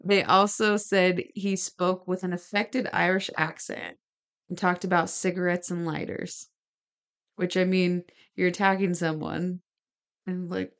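A woman with a somewhat low voice tells a true-crime story on a casual podcast. She reads from her notes and breaks off into chatty asides. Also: little pitch movement, unhurried. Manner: gestures while talking. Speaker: podcast co-host.

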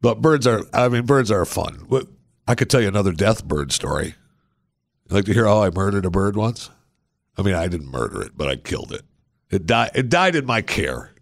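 A man's voice: lowish voice, big pitch swings, brisk, gravelly, dry recording, studio quality. A man hosting a podcast, telling rambling, self-mocking anecdotes in a casual way. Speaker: podcast host. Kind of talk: casual storytelling.

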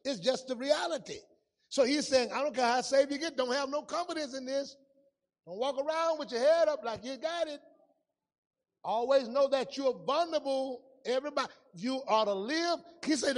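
A male pastor preaching a sermon in a church, telling stories and swinging from loud calls to hushed asides. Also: extremely high pitch, long reverb tail. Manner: storytelling preacher, swings from loud to hushed, folksy Southern-style grammar.

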